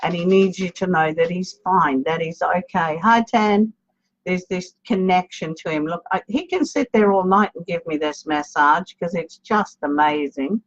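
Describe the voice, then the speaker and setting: A woman's voice: lowish voice, normal speed. A woman working as a psychic medium in a live online reading, chatty and calling viewers darling and babe as she greets them by name. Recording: lo-fi dull stream audio.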